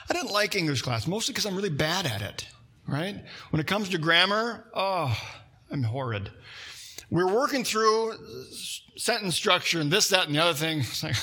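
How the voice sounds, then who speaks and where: A man preaching a sermon, telling a personal story with lively swings between loud emphasis and hushed, quiet moments. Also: a little high. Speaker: pastor.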